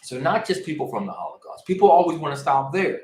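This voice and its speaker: A man in his forties with a fairly high voice, making his points in an emphatic, worked-up way. The recording sounds echoey, like a bare room. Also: big pitch swings, fast talker, a little mellow. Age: 40s. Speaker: podcast co-host. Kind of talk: casual podcast discussion.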